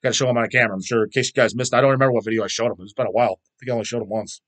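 Fast-talking, foul-mouthed man. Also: mid-range voice, steady tone, a bit bright. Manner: rambling, profane, swears constantly. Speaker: channel host answering viewer questions. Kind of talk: casual vlog chat.

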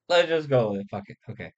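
A man's voice: mid-range voice, wildly swooping pitch, normal speed, lo-fi sound. Man reading a story, cracking up with laughter. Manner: keeps cracking up laughing, swears casually. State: hiccups from laughing. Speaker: channel host reading an AI story.

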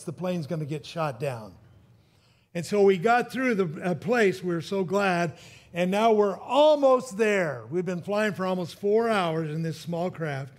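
A male pastor preaching a sermon and telling a personal story, chuckling at his own jokes and often restarting his sentences. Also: high voice.

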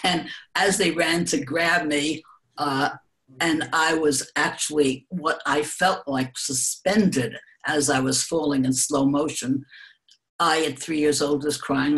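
Older woman telling gentle, reflective stories. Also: sits low, steady tone, slow. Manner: gentle, reflective storytelling with soft laughs. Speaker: guest speaker. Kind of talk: recorded interview answers.

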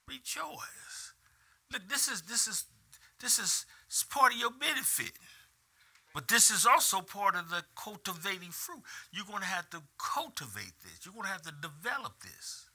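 An older man preaching a lively, colloquial sermon in a church, calling out to the congregation and repeating phrases for emphasis. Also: high voice, vocal fry, husky. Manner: animated preaching with call-and-response. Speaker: pastor. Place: church sanctuary.

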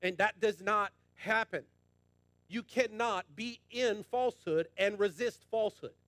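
A man's voice: high-pitched, unhurried, fairly bright tone, no echo. A man preaching a sermon as pastor, emphatic and colloquial, repeating lines for emphasis and addressing the congregation directly. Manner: passionate, emphatic preaching with repetition.

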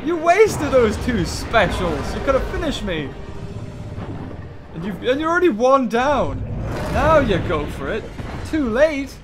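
Give me a chatty British gaming host who laughs a lot, with a lively, up-and-down voice. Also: male voice, very high-pitched, a little slow, music in the background. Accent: British English. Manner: excitable, chatty, thinks out loud and laughs often. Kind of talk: casual let's-play commentary. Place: bedroom at home.

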